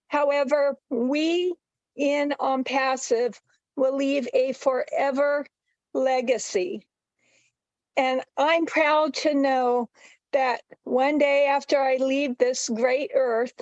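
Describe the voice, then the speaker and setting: A woman's voice: sits high, fairly even intonation, dry recording, dull audio. A woman speaking as a panelist in an online webinar, effusive and emotional over a video call. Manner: emotional, effusive, slow-paced.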